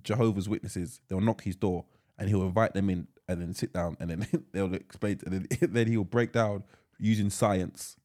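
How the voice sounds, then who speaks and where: A man, co-hosting a casual podcast chat and telling animated stories, often stammering and restarting his sentences. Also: low-pitched, moderate pace. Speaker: podcast co-host.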